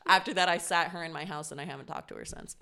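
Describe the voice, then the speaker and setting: A young adult woman co-hosting a podcast, telling a story in a lively way, swearing and laughing often. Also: fairly low pitch, fast, creaky, slight background noise. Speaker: podcast co-host. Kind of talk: casual chat.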